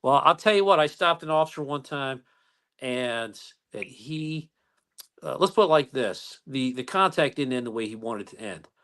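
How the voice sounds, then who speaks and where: A middle-aged American man, a police chief, telling work stories in a folksy, animated way during an interview. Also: medium pitch, normal speed. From United States. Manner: folksy, animated retelling with acted-out quotes. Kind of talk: conversational storytelling interview.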